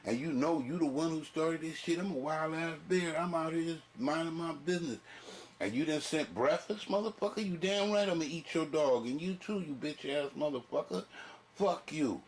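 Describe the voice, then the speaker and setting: A man's voice: a little high, animated, normal speed, a little hiss or hum, voice pushed up, close to an everyday voice. A man voicing an angry wild male bear, indignant and profane, in his own casual voice.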